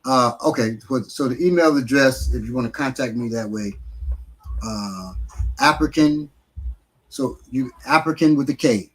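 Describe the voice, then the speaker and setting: A man's voice: medium pitch, measured pace, poor audio. A man teaching martial arts on a casual live stream, answering questions in a blunt, streetwise way, sometimes swearing and often using fillers.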